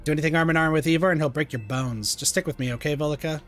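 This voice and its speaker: A man's voice: a little high, fast talker, voice pushed down, lightly acted. A man voicing a dry, sarcastic young woman who teases her teammate. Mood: deadpan. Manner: deadpan, teasing.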